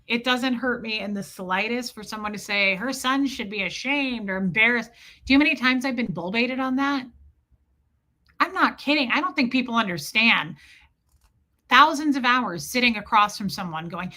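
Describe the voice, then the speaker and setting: A woman's voice: fairly high pitch, animated, normal speed, bright, forceful tone. A middle-aged woman hosting a livestream, talking bluntly and defiantly, with frequent swearing. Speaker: livestream host. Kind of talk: casual livestream talk.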